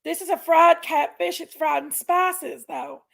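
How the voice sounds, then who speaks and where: A woman hosting a casual live chat, loud and laughing often, her voice hoarse from allergies. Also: extremely high pitch, fairly even intonation, unhurried. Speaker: livestream host.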